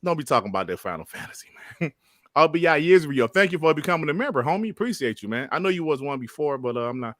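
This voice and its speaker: A man's voice: fairly high pitch, sing-song, fast, fairly bright tone, dry recording, clean studio sound. A man hosting a casual gaming podcast, talking in slang, filling with "you know" and laughing often. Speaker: podcast host.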